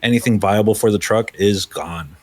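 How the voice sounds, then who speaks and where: A man's voice: fairly low pitch, moderate pace, darkish tone. A man running a tabletop role-playing game as game master, describing scenes loosely with many fillers.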